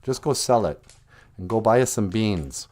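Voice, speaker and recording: A man's voice: on the low side, expressive, normal speed, a little mellow, lightly acted. Man putting on a nagging, exasperated mother. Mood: bossy. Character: bossy mother of a boy, exasperated.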